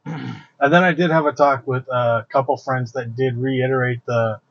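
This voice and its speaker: A man talks things through on a casual podcast, reflective and full of ums as he works out his point. His voice sits at an ordinary middle pitch. The sound is dry and a little dull. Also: fairly even intonation, moderate pace, gravelly, dry recording. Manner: thinking aloud, reflective, with fillers. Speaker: podcast co-host. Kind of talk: casual chat.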